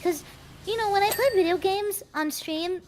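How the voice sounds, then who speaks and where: A woman guest streamer chatting casually on a collab stream, soft-spoken and trailing off, with many fillers. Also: very high voice, moderate pace, slight background noise.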